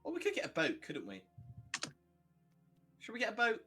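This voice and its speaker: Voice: mid-range voice, huge pitch swings, moderate pace, sharp tone, slightly rough, faint music behind. A player in an online tabletop game, talking casually and hesitantly and laughing often.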